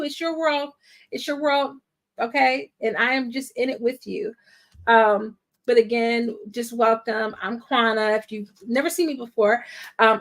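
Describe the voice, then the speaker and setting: A woman's voice: a little high, a bit bright. A woman in her thirties, a film critic and YouTuber, chatting playfully as host of a live-stream movie watch party. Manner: chatty and playful, laughs and sings little rhymes. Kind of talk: casual live-stream chat.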